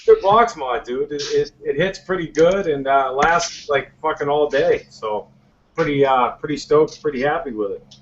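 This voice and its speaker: Guest, Boston accent, easygoing, stumbles through fillers, slightly high voice, muffled lo-fi line. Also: male voice, moderate pace. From Boston, USA. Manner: easygoing, hesitant with many fillers, swears casually. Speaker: guest, product reviewer. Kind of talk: casual podcast chat. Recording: muffled lo-fi with faint hiss.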